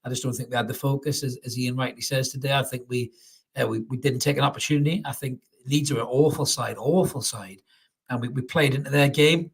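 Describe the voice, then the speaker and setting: A man's voice: medium pitch, steady tone, a little fast, vocal fry, husky. A man hosting a live football reaction stream, talking casually and swearing, reading out viewer comments. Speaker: fan channel host.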